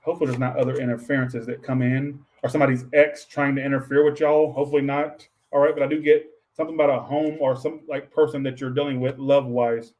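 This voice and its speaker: A man's voice: mid-range voice, flat delivery, quick pace, hardly any pauses, darkish tone, low-quality recording. A man giving a casual livestream tarot reading. He rambles and swears offhand, says he is tired, and keeps adding "all right". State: tired, low on energy. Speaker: tarot reader.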